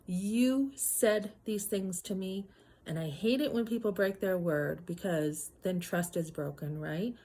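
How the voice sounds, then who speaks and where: A woman in her fifties talking straight to her viewers in a personal vlog, emphatic and indignant, acting out her own sharp words and holding back tears. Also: mid-range voice, measured pace. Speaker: vlogger.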